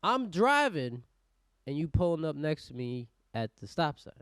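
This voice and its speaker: A man's voice: fairly high pitch, a little slow, clean tone, no room sound, studio quality. A young man co-hosting a casual podcast chat, acting out scenes with voices and lots of swearing. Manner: animated, acts out scenes with voices, heavy swearing. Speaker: podcast co-host.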